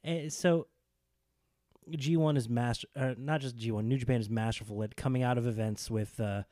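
A man co-hosting a casual podcast, talking about wrestling with rambling enthusiasm. His voice is mellow and dark. The sound is dry and close. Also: medium pitch, moderate pace, no echo. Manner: enthusiastic, rambling, animated when excited. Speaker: podcast co-host.

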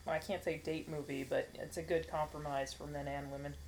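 Fast-talking, teasing woman co-host. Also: deep voice, little pitch movement, a little mellow, slight background noise, low-quality recording. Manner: quick, blunt, teasing banter. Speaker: podcast co-host. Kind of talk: casual chat.

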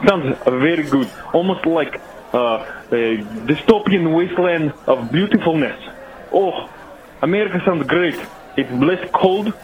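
A man's voice: on the high side, dull audio, voice pushed up, natural voice. A man putting on a hammy fake-Russian caller. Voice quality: broken English, comic. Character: boastful Russian miner caller, adult man, cheerful.

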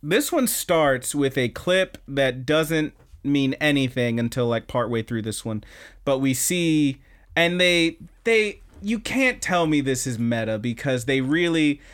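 A man co-hosting a casual podcast, retelling anime scenes with lively energy, jumping into squeaky character voices and cursing freely. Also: measured pace. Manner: animated storytelling, jumps into squeaky high voices for characters, swears freely. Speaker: podcast co-host.

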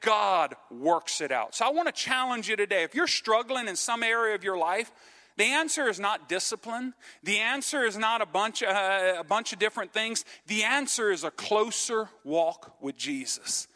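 A man's voice: high-pitched, lively intonation, moderate pace, pushed and bright. A man preaching a sermon in a church, earnest, often asking "okay?" and calling for amens from the congregation. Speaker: pastor. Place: church sanctuary. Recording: long reverb of a church hall.

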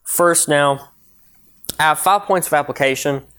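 A man's voice: on the high side, a little slow, a bit bright, clean tone. A young adult man preaching a sermon, reading scripture aloud in an earnest, emphatic way.

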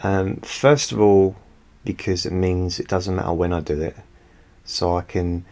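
A hypnotist speaking softly and unhurriedly to his listeners from home, rambling a little as he talks. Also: low-pitched, flat delivery, unhurried. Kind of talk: soft-spoken talk to listeners. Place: home, quiet room. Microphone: studio microphone.

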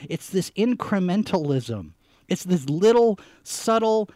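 A man's voice: fairly high pitch, expressive, a little slow, no room sound. A man hosting a live podcast show, talking casually about the news, rambling and repeating phrases for emphasis with plenty of fillers. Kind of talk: casual live-stream commentary.

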